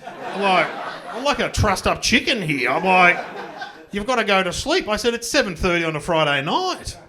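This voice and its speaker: A man's voice: high-pitched, sing-song, moderate pace, a crowd in the background. A middle-aged man with an Australian accent doing a self-mocking, chatty stand-up comedy set on a club stage. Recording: live club recording with audience noise.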